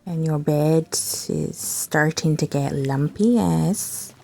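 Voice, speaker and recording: A woman's voice: sits low, slow pace, creaky, warm tone, faint music behind. A woman hosting a gaming channel, chatting casually and rambling to herself while she browses, with laid-back, profane asides.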